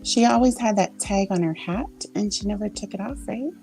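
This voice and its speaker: A woman's voice: medium pitch, fairly quick, over music. A woman hosting a casual quiz chat on a livestream, laughing often and reading out answers from the chat. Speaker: host.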